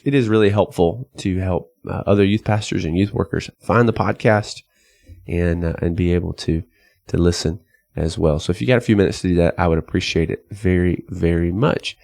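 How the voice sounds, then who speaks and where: A man's voice: low voice, brisk, gravelly, darkish tone, no echo, studio quality. A man with an American accent hosting a podcast interview, chatty and self-deprecating, with many fillers and restarts. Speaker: podcast host, youth pastor.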